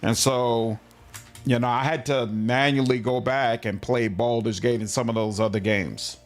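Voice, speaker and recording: A male streamer talking through a game in a relaxed, chatty way, answering viewers as he plays. His voice sits at a middle pitch, with faint game music underneath. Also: normal speed. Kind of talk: casual gameplay livestream commentary.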